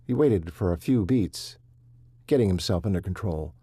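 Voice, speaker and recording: Husky, warm male audiobook narrator. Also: low-pitched, dry recording, studio quality. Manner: measured, steady storytelling.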